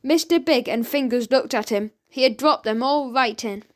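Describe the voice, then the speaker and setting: A woman narrating a children's audiobook in a lively, expressive reading. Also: sits high, moderate pace. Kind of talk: storybook narration.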